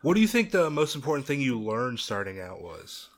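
A man's voice: medium pitch, sing-song, a little fast. A man hosting a casual podcast interview, laughing easily and chiming in. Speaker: podcast host.

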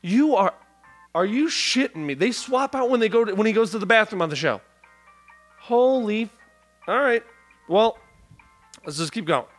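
A man's voice: high-pitched, expressive, normal speed, pauses often, faint music behind. A man hosting a comedy podcast, talking in a profane, rambling way with lots of restarts into a studio mic. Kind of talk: casual comedic banter. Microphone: studio mic with headphones.

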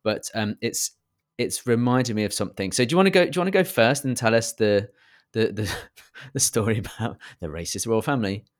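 A man's voice: lowish voice, lively intonation, brisk. A man co-hosting a podcast in casual chat, hesitant and stumbling over words. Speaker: podcast co-host.

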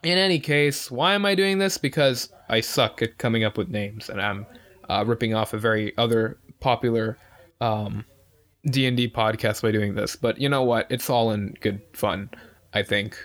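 A man's voice: lowish voice, normal speed, fairly bright tone. A man, host of the podcast, running through casual outro announcements in an offhand, self-deprecating way.

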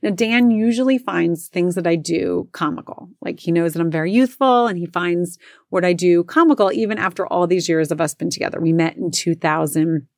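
A woman's voice: fairly low pitch, no room sound, clean studio sound. A woman in her forties casually telling a self-mocking story, acting out what everyone said. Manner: chatty, self-mocking, acts out quotes. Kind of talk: casual anecdote.

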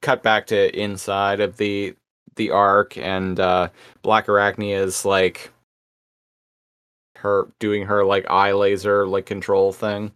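A man co-hosting a podcast, recapping a cartoon episode in casual chat with halting, repeated words. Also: fairly low pitch, monotone, fairly bright tone, smooth, dry recording, studio quality. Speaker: podcast co-host.

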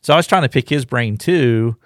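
A man co-hosting a podcast tells fishing stories in a loose, rambling way, circling back and restarting his sentences. His voice sits at a middling pitch, and the room around him is dry and close. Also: a little fast, a bit bright, dry recording. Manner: rambling storyteller with many restarts. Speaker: podcast co-host, fishing guide. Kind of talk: casual chat.

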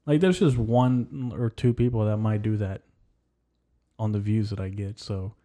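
Low mellow-voiced man, casual podcast host. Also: measured pace. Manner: rambling and heavily profane. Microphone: headphones and studio mic.

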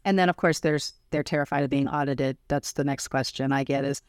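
A woman hosting a podcast interview, chatty and quick to laugh, often acting out what other people say. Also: a bass voice, fairly even intonation, no room sound, studio quality. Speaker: podcast host. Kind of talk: casual interview chat.

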